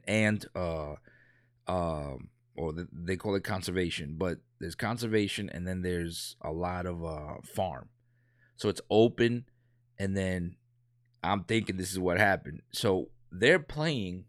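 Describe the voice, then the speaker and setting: A man's voice: deep voice, fairly bright tone, no echo, clean studio sound. A man in his thirties telling a casual anecdote, rambling and profane, with many restarts. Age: 30s. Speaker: storyteller.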